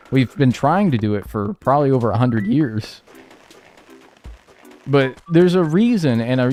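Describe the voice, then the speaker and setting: A man chatting casually on a live game stream, ranting with lively energy and swearing freely. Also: medium pitch. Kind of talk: casual live-stream chat while playing.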